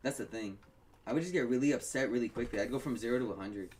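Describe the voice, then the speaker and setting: A man's voice: medium pitch, quick pace. A young man co-hosting a podcast in casual chat, telling stories animatedly and swearing freely. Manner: animated storytelling, frequent swearing. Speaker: podcast co-host.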